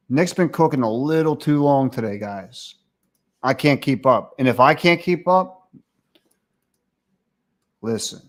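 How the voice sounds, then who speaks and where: A man hosting a livestream, ranting casually with crude, profane mockery. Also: mid-range voice. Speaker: livestream host.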